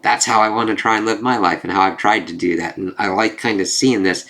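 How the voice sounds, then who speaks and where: A man's voice: lowish voice, fairly even intonation, a little fast, fairly bright tone. A young man talking casually in a rambling video review, swearing freely and filling gaps with "like". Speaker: comic book reviewer.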